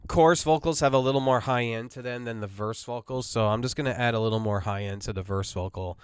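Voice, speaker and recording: A man hosting a casual mixing tutorial, talking quietly through a migraine and correcting himself as he explains. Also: mid-range voice, fast, a little hiss or hum. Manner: rambling, self-correcting explainer. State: has a migraine, talks quietly. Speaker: audio mixing host.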